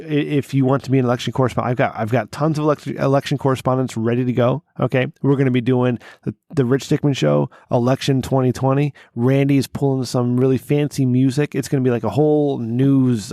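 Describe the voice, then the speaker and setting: A man's voice: medium pitch, fairly even intonation, fairly quick, few pauses, a little mellow, dry recording, studio quality. A man hosting a podcast in a casual, profane, rambling and jokey way. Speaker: podcast host. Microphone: studio mic.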